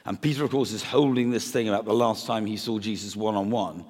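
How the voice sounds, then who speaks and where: A man giving a conversational sermon, chatty and animated, with playful asides. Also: fairly low pitch, fairly quick. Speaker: preacher. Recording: reverberant hall.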